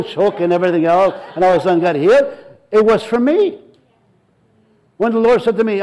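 Male pastor, sermon, high voice, animated storytelling, repetitive. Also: fast talker, rough recording. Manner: animated storytelling, acts out dialogue, frequent repetitions.

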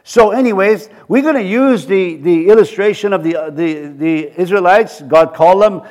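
A man preaching a sermon, halting and repeating words, acting out quotes from scripture characters. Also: sits high, a little mellow.

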